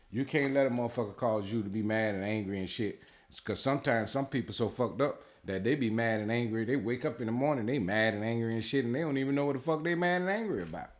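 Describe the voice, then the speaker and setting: A man with a medium-pitched voice gives casual spiritual advice as a tarot reader. He is blunt and heavily profane, rambling, repeating himself and using lots of fillers.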